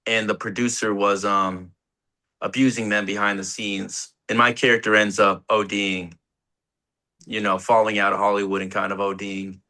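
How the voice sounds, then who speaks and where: Laid-back young man with a bright voice. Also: on the low side, little pitch movement, moderate pace. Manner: laid-back, rambling, laughs often, swears casually. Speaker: actor guest. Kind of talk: casual interview chat.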